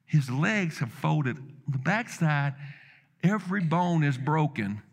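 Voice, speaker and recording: A man preaching a sermon, telling a story dramatically with quoted dialogue, building to loud emphatic peaks and dropping low again. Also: animated, takes it slowly.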